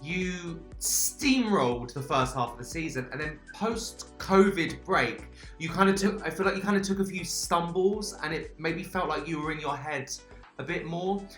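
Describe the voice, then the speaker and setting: A man interviewer with a slightly raised pitch asks long, measured questions. He sounds a bit distant in an echoey room, with faint music in the background. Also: fairly bright tone.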